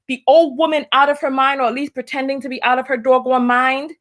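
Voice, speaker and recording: A woman's voice: high-pitched, level tone, fast talker, fairly bright tone. A middle-aged woman hosting a talk show, delivering an emphatic opinion monologue that hammers on repeated rhetorical questions. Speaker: show host.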